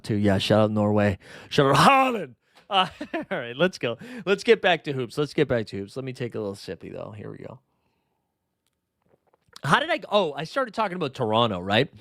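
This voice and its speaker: A man's voice: mid-range voice, very animated, normal speed, no echo, clean studio sound. A young man hosting a fantasy sports livestream in casual chat, rambling and swearing as he drifts into tangents. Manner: rambling, profane, goes off on tangents. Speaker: fantasy sports show host.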